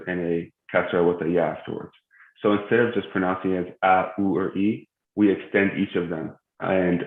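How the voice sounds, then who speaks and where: A young man with a low, deep voice leads a live recitation lesson, pausing often with fillers and correcting himself. His voice carries the echo of a large prayer room. The stream sounds thin and phone-like. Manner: hesitant, many filler sounds, self-correcting. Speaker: tajweed teacher. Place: mosque. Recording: echoey, tinny phone-like stream.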